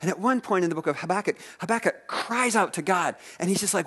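A man preaching a sermon, retelling scripture stories in a lively way and asking his listeners questions. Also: sits high, fast, hardly any pauses, slightly rough. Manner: animated storytelling preacher, asks the audience questions. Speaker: pastor.

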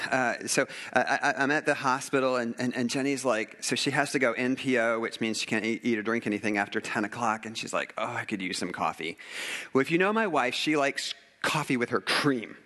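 Middle-aged man, earnest storyteller, rambling and heartfelt, mid-pitched voice. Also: bright, forceful tone. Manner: earnest, rambling, with many fillers and restarts.

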